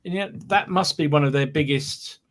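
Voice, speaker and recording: A British man co-hosting a casual podcast, enthusiastic and quick to agree and joke. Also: on the high side.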